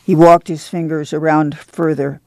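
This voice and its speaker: A woman's voice: sits low, no echo. Woman narrating an audiobook, dry sound. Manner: measured, even storytelling.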